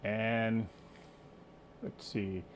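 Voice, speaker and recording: A man's voice: fairly low pitch, level tone, extremely slow, slight background noise. A man hosting a quilting live stream from home, chatting casually, greeting viewers by name and sometimes losing his train of thought. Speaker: quilting livestream host.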